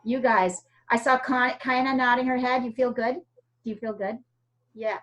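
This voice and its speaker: A woman from the United States teaching art over a video call. She talks in a chatty, encouraging way with plenty of fillers, and her voice sits a little high. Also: steady tone, normal speed, fairly bright tone, dull audio.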